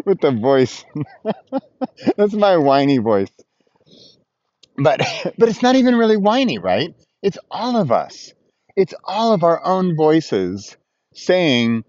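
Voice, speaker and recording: Out on a frosty beach with his dog, a vlogger talks to the camera in a chatty, self-mocking way, laughing a lot. His voice is a little high and a little mellow, with big pitch swings and a slightly slow pace. The sound is lo-fi with no room sound.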